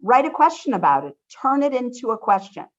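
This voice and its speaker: A woman with a slightly high voice talks a little fast and very animatedly on a video call with dull, lo-fi audio. As a college instructor leading an online study workshop, she's upbeat and encouraging and often says how much she loves the questions students ask.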